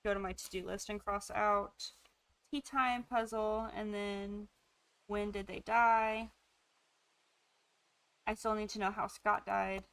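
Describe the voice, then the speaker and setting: A woman gives excitable let's play commentary with the hiccups, thinking aloud as she plays. Her pitch sits at a middle height. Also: slow pace, pauses often, clean tone. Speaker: gamer.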